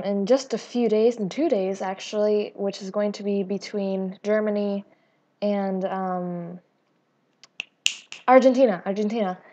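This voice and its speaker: A woman's voice: medium pitch, dark tone, highs cut off. A woman hosting a casual Q&A vlog on her gaming channel, chatty and rambling with lots of fillers and restarts, self-deprecating and giggly. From Latina, grown up in the US. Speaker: YouTube gaming channel host.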